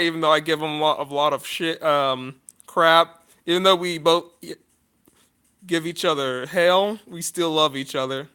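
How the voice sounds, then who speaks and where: A man's voice: a little high, fairly even intonation, normal speed, bright, forceful tone, clear, resonant tone. A man talking to his channel's viewers in a casual vlog monologue, rambling and apologetic, full of restarts, and emotional. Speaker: YouTuber.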